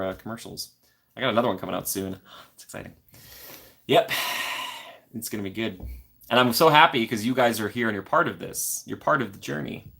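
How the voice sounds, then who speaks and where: Young male streamer, slightly low voice, warm rambling chat with viewers, apartment setting. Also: gravelly. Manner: friendly, rambling, reads viewer comments aloud. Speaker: live streamer. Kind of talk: casual live stream chat. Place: corner of an apartment.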